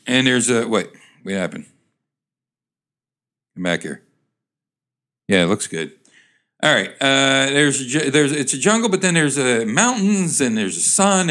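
A man casually reading old jokes aloud and describing cartoons, wry and halting with many restarts. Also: medium pitch, a bit bright.

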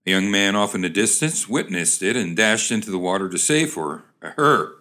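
A man reads old jokes aloud and rambles through descriptions of cartoons, stopping often with uh and restarts. His pitch swings in a lively way, with a wry, easygoing delivery. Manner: halting, lots of uh and restarts, wry. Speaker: host reading jokes aloud. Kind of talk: casual reading and rambling description.

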